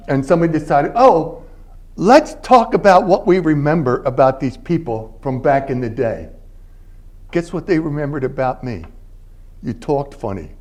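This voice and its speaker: Older man, eighties, Philadelphia-raised guest linguist; casual storytelling lecture, a touch high-voiced, keeps asking "all right?". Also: a little mellow. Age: 80s. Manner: conversational storytelling, frequent "all right?" check-ins. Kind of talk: university lecture. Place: university library event space.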